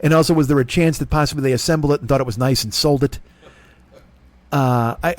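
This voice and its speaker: A comedy podcast host with a slightly high voice tells a comic story, rambling and swearing freely. He is self-deprecating and jumps into the voices of other people in the tale. The recording has no echo.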